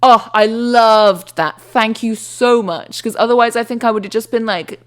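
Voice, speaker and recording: A woman's voice: fairly high pitch, moderate pace. A British woman from England, near Bristol, co-hosting a podcast in casual chat. She talks freely and often drifts off on tangents. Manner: chatty, wanders into tangents. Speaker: podcast co-host.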